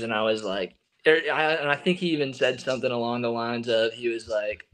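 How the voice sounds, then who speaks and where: A young man from Texas, a baseball pitcher, telling stories in a casual interview and acting out what others said. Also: brisk, few pauses. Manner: animated storyteller, acting out quotes.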